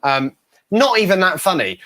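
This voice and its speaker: Casual english guy in his twenties, self-deprecating storyteller, slightly high voice. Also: sing-song, moderate pace, pushed and bright. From England. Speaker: ventriloquist guest. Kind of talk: casual interview chat.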